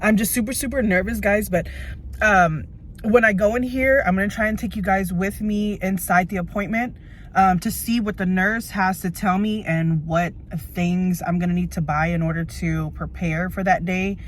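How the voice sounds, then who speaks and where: A woman's voice: mid-range voice, fairly even intonation, moderate pace, slight background noise. Tearful nervous woman vlogging from her car. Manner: nervous, emotional, rambling with many fillers. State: teary, on the verge of crying. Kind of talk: tearful personal vlog. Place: inside a parked car.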